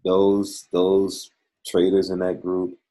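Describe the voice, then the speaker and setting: A man's voice: low voice, monotone, takes it slowly, mellow. A man hosting a live trading call, folksy and joking, cheering on callers.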